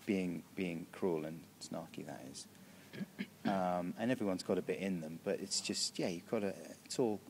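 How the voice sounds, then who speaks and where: A man's voice: sits low, a little slow, darkish tone, a little hiss or hum. A British man answering interview questions backstage in a casual, rambling way, often restarting his sentences. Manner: rambling, self-interrupting, chuckling. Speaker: comedian interviewee. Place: backstage room.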